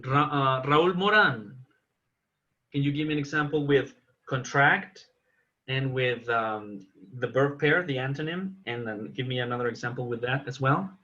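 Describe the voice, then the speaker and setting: A man's voice: mid-range voice, moderate pace, pushed and bright, lo-fi sound. A man teaching an English class online, patiently correcting his students' examples.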